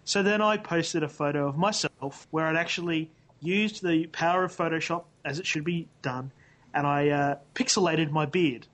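A man's voice: on the high side, moderate pace, a bit bright. A man co-hosting a podcast, telling a playful story in casual chat. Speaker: podcast co-host.

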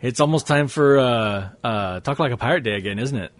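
A man's voice: mid-range voice, a little fast, no room sound. A man co-hosting a casual tech podcast, easygoing and joking, laughing along with his co-host.

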